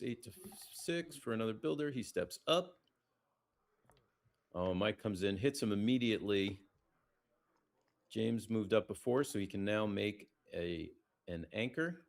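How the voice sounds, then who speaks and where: A man calling a live board game match in a low, gravelly voice. He keeps it casual and chatty, reading out viewer shout-outs between moves. He stays hushed so the players nearby can't hear him. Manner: lowers his voice to stay quiet near the players. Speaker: play-by-play commentator. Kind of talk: live backgammon commentary.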